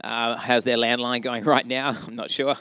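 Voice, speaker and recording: A man's voice: mid-range voice, level tone, normal speed, pushed and bright, clean tone, no room sound. A man, a pastor preaching a sermon through a wry, humorous personal story full of rhetorical questions.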